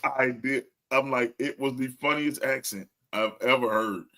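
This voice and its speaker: A man's voice: mid-range voice, a little slow. A man co-hosting a wrestling podcast, chatting casually and laughing often. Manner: laughs often, animated storytelling. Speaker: podcast co-host.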